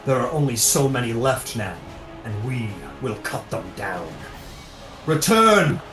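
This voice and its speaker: A man's voice: mid-range voice, normal speed, reverberant, over music, close to an everyday voice. A man voicing a stern male celestial judge who speaks in solemn commands. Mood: commanding.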